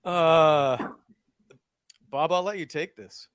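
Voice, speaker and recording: A man's voice: a little high, steady tone, takes it slowly, a bit bright, clear, resonant tone, no echo. A man hosting a sports talk show, chatting loosely and reading sponsor ads with many fillers. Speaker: podcast host. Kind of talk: casual chat and live sponsor reads.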